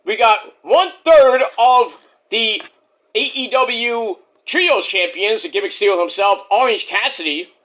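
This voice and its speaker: A man's voice: high voice, a little slow, a bit bright. A man casually recapping wrestling shows in a rambling, joking, profane way. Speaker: wrestling show reviewer.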